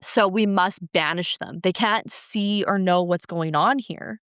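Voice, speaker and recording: A woman voicing a stern, controlling male god who commands and forbids, in a smooth voice. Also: lowish voice, a little slow, a bit bright, dry recording. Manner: commanding, strict.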